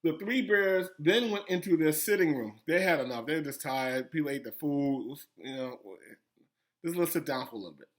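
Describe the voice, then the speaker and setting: A man, a school principal, reading a children's story aloud with animated, gasping, teacherly asides to young pupils. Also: on the high side, normal speed.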